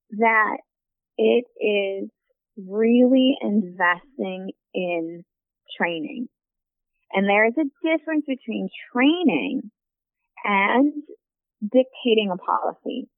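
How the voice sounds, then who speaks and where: A woman's voice: mid-range voice, dry recording. A woman working in construction safety, answering interview questions in an earnest, reflective way. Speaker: safety professional in construction, guest. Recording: dry tinny phone-like line.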